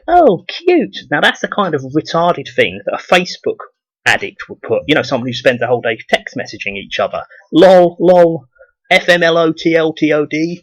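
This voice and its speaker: Man, southeast English accent, husky voice, dry close sound, profane rambling rant. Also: mid-range voice, no room sound, low-quality recording. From southeast England. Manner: rambling, profane, many repeated restarts. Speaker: video blogger. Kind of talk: ranting monologue.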